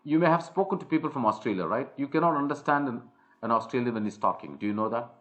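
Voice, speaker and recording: A man's voice: medium pitch, animated, fast, a bit bright, low-quality recording. A man with an Indian accent coaching a trainee one-on-one, lecturing with many fillers and restarts. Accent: Indian English. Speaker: soft skills trainer.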